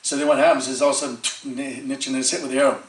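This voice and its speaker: A man giving a storytelling sermon at a temple, animated and chatty, acting out the voices in his stories with many fillers. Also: mid-range voice, racing. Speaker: temple speaker. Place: temple hall. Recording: echoey hall, distant mic.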